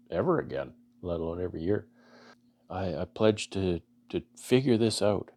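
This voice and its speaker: A deep-voiced man from Canada with a gravelly, fry-laden tone speaks to camera as a beekeeping vlogger. He talks in an earnest, halting way, restarting his sentences often. His voice is emotional and close to choking up. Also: mellow. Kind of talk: casual heartfelt talk to camera.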